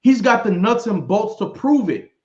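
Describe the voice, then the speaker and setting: A man hosting a livestream interview, energetic and hyping up the audience. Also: high-pitched, moderate pace. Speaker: host. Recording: roomy, dull lo-fi audio.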